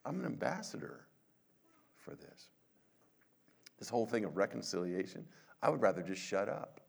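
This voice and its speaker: An older male pastor preaching in a relaxed, conversational way, his low voice gravelly with fry. He swings his pitch widely, telling stories with self-deprecating humor and acting out what people say. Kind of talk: conversational sermon.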